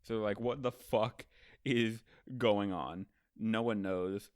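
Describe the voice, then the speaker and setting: A man's voice: on the low side, steady tone, takes it slowly, smooth, no echo, clean studio sound. A man hosting a casual manga ranking show, recapping chapters in a loose, profane, chatty way and acting out the characters' lines.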